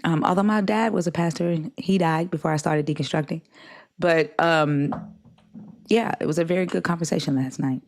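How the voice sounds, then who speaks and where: A woman's voice: low-pitched, moderate pace, a little mellow. A woman from the American South hosting a live stream, talking casually and bluntly, swearing as she lectures her chat. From Southern United States.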